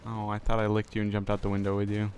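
A woman's voice: very deep voice, completely flat delivery, fast talker, a little mellow, soft background music. A woman teasing a friend while they play a video game together. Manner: teasing, joking. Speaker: co-player on a stream. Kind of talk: casual gaming banter.

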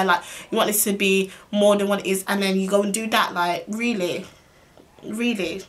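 A young woman telling a storytime vlog in an exasperated, slangy, fast way. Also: mid-range voice, fairly bright tone. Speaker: vlogger.

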